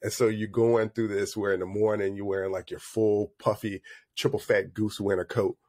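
A man co-hosting a podcast in casual chat, with a slightly stuffy nose, telling stories in a relaxed, joking way over a headset mic. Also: on the low side, moderate pace. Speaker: podcast co-host.

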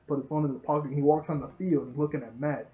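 A man's voice: a little high, steady tone, very fast. A man casually recapping a show episode, chatty and laughing often. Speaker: show reviewer. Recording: tinny phone-like sound.

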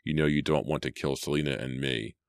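A man doing a calm, soft-spoken teen boy. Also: very deep voice, a little fast, gravelly, no echo, studio quality. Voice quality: soft, gentle. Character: calm, gentle teenage boy rescuer.

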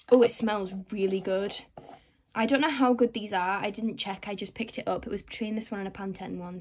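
A young woman from England, a vlogger chatting casually through her shopping haul, rambling with lots of fillers and soft asides. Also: mid-range voice.

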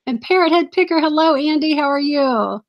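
A woman's voice: high-pitched, brisk, dull audio. A woman hosting a casual live stream, chatty, apologetic and easily distracted, gushing over items she is shown.

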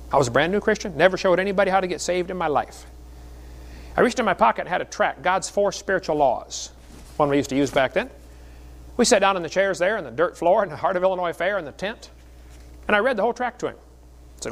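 A man's voice: a little high, lively intonation, fast talker. A middle-aged man preaching a sermon in a folksy storytelling way, with jokes between the stories. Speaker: creationist speaker.

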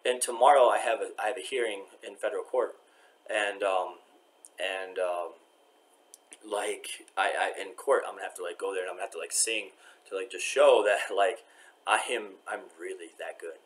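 A man's voice: sits low, steady tone, normal speed. A man talking to his camera while waiting in a courthouse, rambling with many restarts and often trailing off to a mutter. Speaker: vlogger. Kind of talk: rambling vlog monologue.

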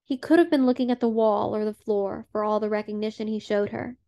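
A woman narrating an audiobook in a measured, plain reading. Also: medium pitch, fairly even intonation, vocal fry, warm tone, highs cut off.

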